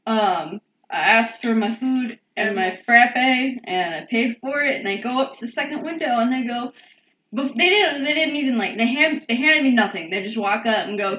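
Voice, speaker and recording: A young woman co-hosting a podcast, telling an animated story in casual chat and acting out the quotes. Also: a little high, moderate pace. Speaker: podcast co-host. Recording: echoey room, distant mic, faint hiss.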